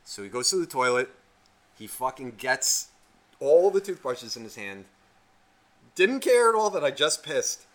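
Guy on a podcast telling a wild story, cusses constantly, bright edgy voice. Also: medium pitch, unhurried, long pauses. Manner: profane, rambling, animated storyteller. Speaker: podcast co-host. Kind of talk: casual storytelling chat.

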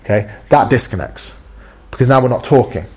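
Earnest husky-voiced man preaching. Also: medium pitch, fairly quick, a little mellow. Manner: earnest, conversational, with frequent stammered repeats. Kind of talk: sermon.

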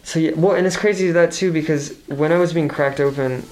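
A man's voice: on the high side, fairly even intonation, a little fast, a little mellow. A young man in his twenties talking candidly as a podcast guest, rambling with many restarts and frequent swearing. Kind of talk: candid casual conversation.

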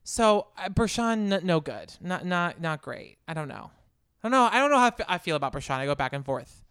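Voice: medium pitch, expressive, fairly quick, a bit bright, clean tone, no room sound, studio quality. A podcast co-host in casual chat about a reality show, blunt and emphatic, swearing for effect.

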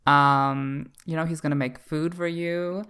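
A man's voice: fairly high pitch, fairly even intonation, measured pace, sharp tone, smooth. Campy teasing man from Canada. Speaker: podcast co-host. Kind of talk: casual comedic chat.

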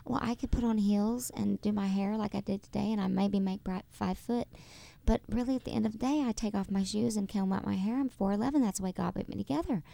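A woman guest in a casual studio interview, talking in a bubbly, effusive way and using warm terms of endearment. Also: mid-range voice, creaky. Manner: bubbly and effusive, with quick laughs and affectionate terms. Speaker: interview guest, stage performer. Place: radio studio.

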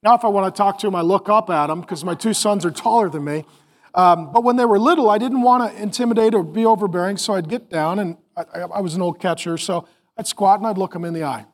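A middle-aged man preaching a sermon to parents, animated and acting out family scenes, then dropping to a soft calm voice. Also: high-pitched, fast. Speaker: pastor.

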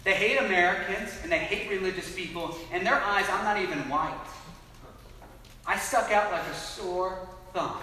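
A young man preaches in a high, bright voice, telling his story earnestly and acting out both sides of the dialogue. His voice carries through a big echoing hall and is picked up from a distance. A long reverb trails every phrase. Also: normal speed, a little hiss or hum. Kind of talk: sermon. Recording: echoey hall from afar.

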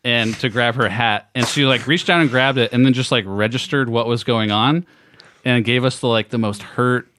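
An American man co-hosting a podcast, telling a rambling story with laughs, his voice trailing off quietly between bits. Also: medium pitch, fairly even intonation, moderate pace, dry recording. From United States. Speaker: podcast co-host. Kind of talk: casual storytelling chat.

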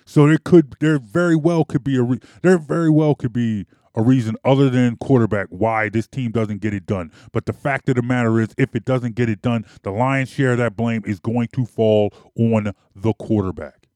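A man's voice: medium pitch, moderate pace, few pauses, warm tone, no echo, studio quality. A man delivering an emphatic, argumentative sports opinion monologue. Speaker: sports commentator.

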